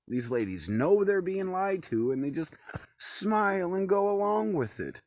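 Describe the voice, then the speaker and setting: A man ranting alone to camera in a cold room at home, swearing freely and swinging between loud outbursts and low muttering. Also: sing-song, a little slow, dry recording. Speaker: vlogger. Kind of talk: rambling solo rant to camera.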